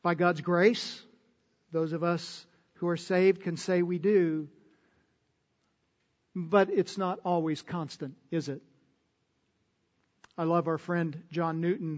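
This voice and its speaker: Male preacher, sermon, high voice, slow deliberate delivery, loud peaks then quiet drops, long hall reverb, dull lo-fi sound. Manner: measured preaching, swinging between loud emphatic peaks and soft low endings.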